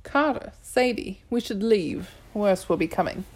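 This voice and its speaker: A woman's voice: medium pitch, darkish tone, lightly acted. A woman reading an audiobook, voicing a playful, confident feline goddess who purrs and teases. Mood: brisk amused. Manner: purring, amused, brisk. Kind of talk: audiobook character voice.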